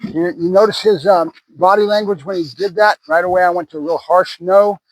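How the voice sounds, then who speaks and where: A man's voice: high voice, fairly even intonation, brisk, no room sound, low-quality recording. A man who trains dogs, talking casually to the camera outdoors between words of praise to a puppy. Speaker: dog trainer.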